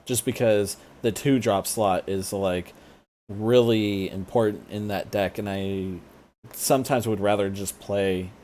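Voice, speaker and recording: A man with a lowish voice chats casually on a podcast, pausing often with fillers as he thinks aloud. A faint hiss sits under the recording. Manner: relaxed, hesitant with many fillers. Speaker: podcast co-host. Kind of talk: casual chat.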